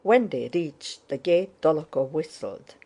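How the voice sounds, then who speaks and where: A woman narrates a classic novel with a low, dark voice. Her reading is slow, steady and measured. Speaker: audiobook narrator. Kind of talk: scripted narration.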